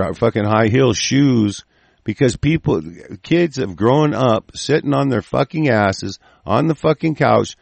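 A man's voice: mid-range voice, gravelly, dry recording. A man hosting a talk show, ranting angrily with constant swearing and rambling restarts. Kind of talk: profane political rant.

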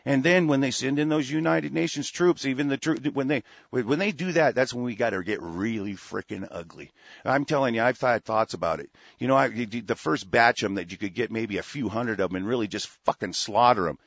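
A man's voice: mid-range voice, gravelly, a bit bright, husky, no echo, dull audio. A man hosting a talk radio show, delivering a rambling, profane, heated monologue.

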